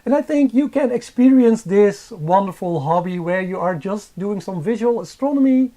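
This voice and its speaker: Dutch-accented male host, hesitant live-stream delivery, soft dark timbre, budget microphone. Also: sits high, animated, normal speed. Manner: hesitant, many filler sounds and restarts. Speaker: astrophotography channel host. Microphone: cheap microphone.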